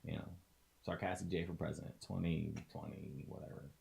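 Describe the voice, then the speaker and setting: A young adult man talking to camera in a casual motivational vlog, blunt and passionate, swearing freely and swinging between low mutters and loud outbursts. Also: fairly even intonation, fairly quick, gravelly. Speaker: streamer and vlogger.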